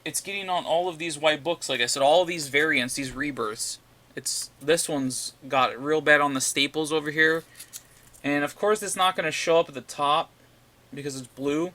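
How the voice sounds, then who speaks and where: Male vlogger, bright higher voice, rambling profane rant about comics. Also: normal speed. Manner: ranting, profane, repeats himself. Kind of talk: casual rambling vlog.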